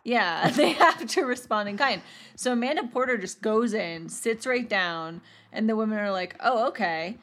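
A woman hosting a podcast, recapping a TV episode in a casual, animated, giggly and jokey way. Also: on the high side, moderate pace. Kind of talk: casual chat.

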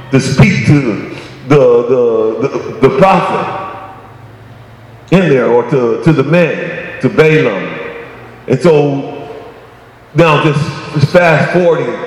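Preacher in a very echoey church hall. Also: male voice, a little high, darkish tone. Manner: conversational preaching with emphatic rising outbursts. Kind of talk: sermon. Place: church sanctuary.

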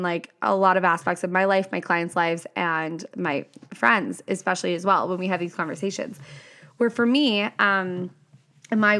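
A woman's voice: medium pitch, fairly bright tone. A chatty young woman hosts a casual podcast monologue in a mid-range voice. She peppers her talk with "like" and "right?" and swears freely. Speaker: podcast host and coach.

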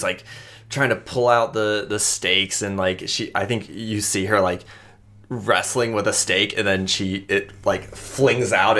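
A man's voice: fairly low pitch, bright, forceful tone. A man narrating a tabletop game as game master, loosely and with many fillers.

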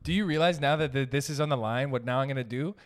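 A man's voice: medium pitch, fast talker. A male comedian and podcast guest, chatting in a playful, joking way. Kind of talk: casual chat.

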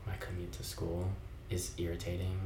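A man's voice: low-pitched, moderate pace, very noisy. Casual young man hosting, roomy sound. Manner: relaxed, profane, lively storyteller. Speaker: podcast host. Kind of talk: casual chat.

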